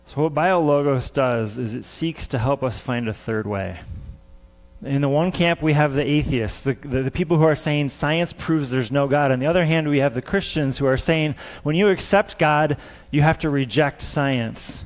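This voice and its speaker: A man's voice: on the high side, moderate pace. A man preaching a sermon as a scientist, earnest and repeating words for emphasis.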